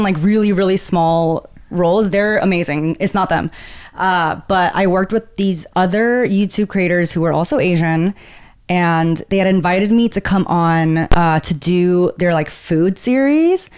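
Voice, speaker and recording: A woman actor, a guest on a casual podcast, telling stories in an animated way and acting out quoted dialogue. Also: lowish voice, normal speed, clear, resonant tone. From United States.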